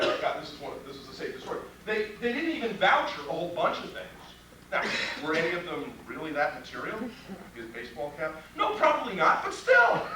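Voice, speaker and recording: His voice sits high and comes across pushed and bright as this criminal defense trial instructor works through a live workshop for trial lawyers. He's blunt and profane, full of rhetorical questions. The audio, taken at a distance in an echoey training room with an audience, has slight background noise.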